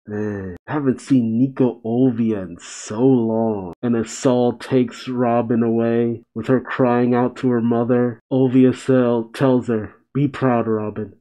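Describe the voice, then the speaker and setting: A man reading a comic chapter aloud and reacting to it, animated and close to tears at times. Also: medium pitch, slow, hardly any pauses, poor audio. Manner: excitable, reads aloud then comments, chokes up. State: emotional, tearing up. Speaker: reaction video host.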